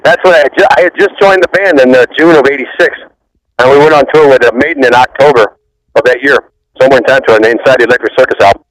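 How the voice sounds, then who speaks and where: A man in his fifties, a former rock bassist, rambling through profane backstage stories and laughing often. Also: racing, a bit bright, low-quality recording. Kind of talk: casual interview storytelling.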